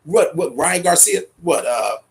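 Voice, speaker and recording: A man's voice: fairly high pitch, expressive, unhurried. A man hosting a boxing talk show, giving profane, emphatic commentary and repeating his points. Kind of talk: casual boxing commentary rant.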